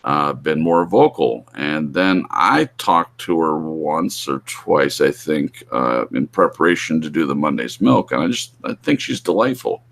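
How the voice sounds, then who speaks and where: A man's voice: a bass voice, lively intonation, measured pace, creaky, hardly any pauses, a bit bright. A man hosting a live online broadcast, talking loosely with many fillers and restarts. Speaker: host. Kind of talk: casual live-stream talk.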